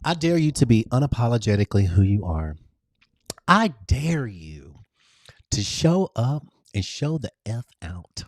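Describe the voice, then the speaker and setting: A man's voice: very animated, a little slow, darkish tone, no echo, clean studio sound. A man hosting a live stream, giving an emphatic motivational talk full of repeated affirmations and greeting viewers by name. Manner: emphatic, repetitive affirmations with big pitch swings. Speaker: livestream host.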